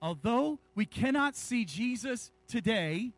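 A man preaching a sermon as pastor, speaking with animated energy and joking with his congregation. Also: extremely high pitch, slow pace, no echo.

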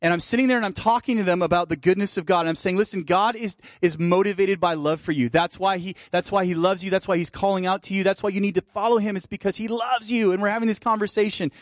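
A male pastor preaching a sermon, shifting between fervent emphasis and soft, intimate asides. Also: high-pitched, fairly even intonation, fast talker, hardly any pauses, no echo, studio quality. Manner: preaching with rising fervor, then dropping to soft intimate tones.

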